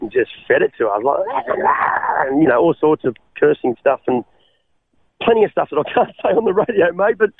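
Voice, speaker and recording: A man's voice: high voice, gravelly, slightly rough, dry recording. An Australian man telling his life story as a radio guest. He speaks earnestly, stumbles into repeated restarts and keeps calling the host mate. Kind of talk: personal testimony on radio. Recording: tinny dry phone line.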